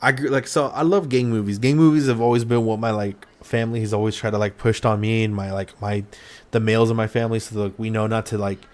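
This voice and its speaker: A male podcast host talks in a loose, enthusiastic way and swears often. His voice is fairly low for a man. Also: fairly even intonation, quick pace, a little mellow. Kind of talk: casual chat.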